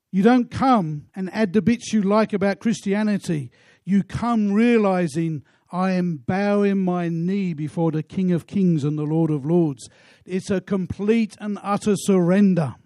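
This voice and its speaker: A pastor preaching a sermon in an earnest way, asking rhetorical questions. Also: male voice, high voice, warm tone, no echo, clean studio sound.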